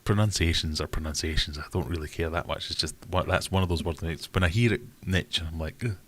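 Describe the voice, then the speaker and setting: A man with a low, deep voice hosts a casual livestream. He rambles from topic to topic in a chatty way and picks up viewer questions as he goes. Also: fairly even intonation, fast, a bit bright, slight background noise. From Sheffield, England. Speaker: livestream host.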